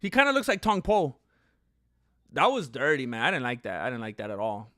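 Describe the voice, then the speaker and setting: A man giving casual live fight commentary as a streamer, chatty and animated, with many fillers and asides. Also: medium pitch, brisk.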